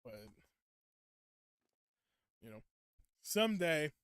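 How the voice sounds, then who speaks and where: A man's voice: fairly high pitch, normal speed, no room sound, clean studio sound. A young man streaming a game, chatting casually, laughing often and acting out quotes. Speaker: gaming streamer. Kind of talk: casual gameplay chat.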